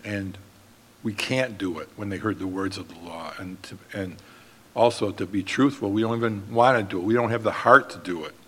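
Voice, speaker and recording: A man preaching a sermon as pastor, in an earnest, steady manner. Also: fairly low pitch, a little fast, breathy edge, in a large hall.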